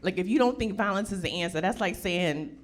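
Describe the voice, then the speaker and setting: A woman's voice: lowish voice, brisk. A woman performing a stand-up set, brash, profane and punchy. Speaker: stand-up comedian. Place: live comedy show with audience. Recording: loud audience laughter and noise.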